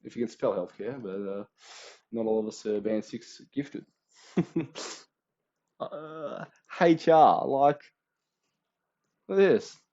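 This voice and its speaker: A man's voice: medium pitch, takes it slowly, pauses often, warm tone, lo-fi sound. A young Australian man in his late teens giving a casual, slangy exam revision rundown, acting out little quoted voices as he goes.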